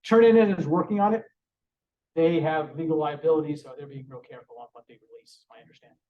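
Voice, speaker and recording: A man gives a conversational conference talk, often restarting his sentences. His voice is a little high, animated and fast, and the recording sounds roomy, distant and dull.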